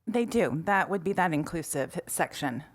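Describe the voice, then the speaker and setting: A woman administrator explaining policy updates at a school board meeting, steady and full of fillers. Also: sits low, normal speed. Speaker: district administrator presenting policy. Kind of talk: public meeting presentation.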